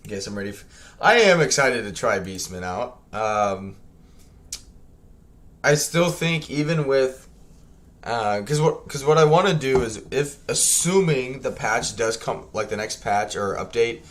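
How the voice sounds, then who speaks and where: Streaming a strategy game, this young man keeps up a casual, rambling commentary, peppered with fillers and corrections of himself. He speaks at a measured pace in a mid-range, animated, slightly bright voice.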